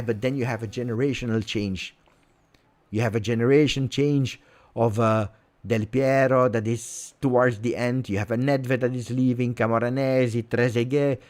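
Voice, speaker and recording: A man's voice: medium pitch, a little mellow. A man with an Italian accent hosting a live football reaction, ranting angrily and repeating himself. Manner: angry, repetitive ranting. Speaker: fan channel host.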